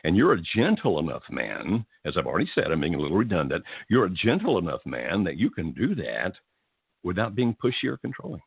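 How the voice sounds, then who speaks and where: A man hosting a call-in advice show, speaking gently and reassuringly to callers. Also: deep voice, huge pitch swings, brisk, gravelly, breathy edge, dry recording, phone-quality sound. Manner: gentle, reassuring, calls people "my friend". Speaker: radio call-in host giving marriage advice. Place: Tennessee.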